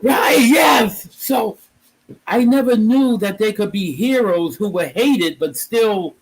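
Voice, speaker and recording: A man with a high, lively voice talks about comics in a relaxed interview. He tells his stories with energy, breaking into exclamations and acting out other people's lines. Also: slow, husky, rough recording. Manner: animated storyteller, exclaims and acts out quotes. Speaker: comic creator guest. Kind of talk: casual conversation.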